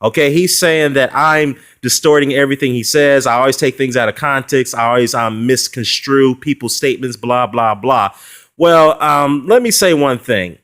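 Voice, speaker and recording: Male vlogger, average pitch, heated and mocking, loose delivery full of fillers. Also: normal speed, a bit bright. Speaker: boxing commentary vlogger. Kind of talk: casual ranting response video.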